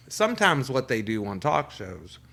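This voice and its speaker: A man hosting a comedy show, delivering a casual, profane monologue and jumping into quick quoted voices. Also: medium pitch, sing-song, vocal fry, pushed and bright, husky.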